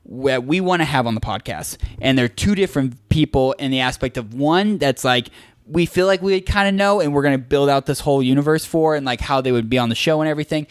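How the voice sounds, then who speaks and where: Young man, podcast co-host, casual chat, animated storyteller, dry close mic. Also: medium pitch, fairly quick, clear, resonant tone, dry recording. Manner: animated storyteller, heavy filler use of "like" and "dude".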